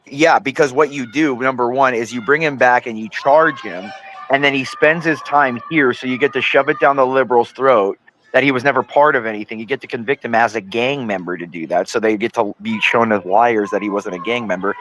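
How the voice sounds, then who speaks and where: A man's voice: medium pitch, fairly quick, a bit bright, low-quality recording. Emphatic male streamer, casual commentary, slight hiss behind. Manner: emphatic, argumentative, says dude often. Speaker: livestream co-host.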